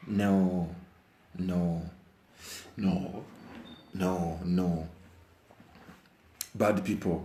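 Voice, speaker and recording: A Ugandan man giving his opinion in a casual monologue, repeating phrases for emphasis and swinging between brooding low talk and heated outbursts. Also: darkish tone. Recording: echoey room.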